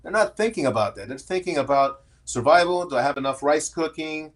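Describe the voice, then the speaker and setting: A man's voice: fairly high pitch, lively intonation, a little fast. A middle-aged man, a podcast guest, talking candidly in a casual interview and often restarting his sentences as he tells his story.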